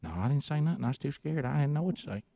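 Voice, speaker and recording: A man imitating a skittish rural man with a drawl, talking fast and nervously. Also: a little high, lively intonation, gravelly, dark tone, dry recording, pitched above the performer's own voice. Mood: panicky. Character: skittish rural Southern man, easily scared.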